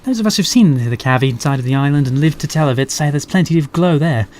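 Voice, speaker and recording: Man playing a female rat scientist, excitable, eager, high voice. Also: fast, a little hiss or hum, natural voice.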